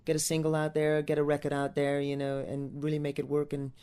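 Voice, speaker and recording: A man's voice: a little high, completely flat delivery, fairly quick, darkish tone, clean tone. A man from Newcastle, England, with an accent mixing American and Northern English, answering interview questions about his stage career in a rambling way with many restarts. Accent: mix of American and Northern English. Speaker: musical theatre actor and singer.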